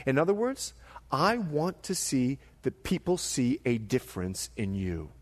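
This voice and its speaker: A middle-aged man preaching a sermon, animated and jokey, slipping into voices as he tells stories. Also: mid-range voice, a little slow, in a large hall. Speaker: pastor.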